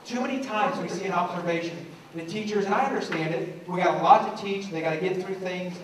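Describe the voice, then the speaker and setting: A man's voice: sits high, a little fast, slight background noise. A middle-aged man giving a motivational talk to teachers, acting out voices as he tells stories. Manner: animated storyteller acting out voices. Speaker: education speaker. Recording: echoey room from a distance.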